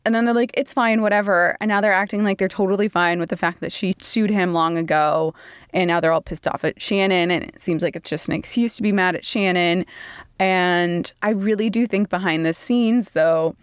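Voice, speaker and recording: A woman's voice: on the low side, normal speed, clear, resonant tone, no room sound, clean studio sound. A woman co-hosting a podcast, chatting casually and explaining legal basics step by step. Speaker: podcast co-host.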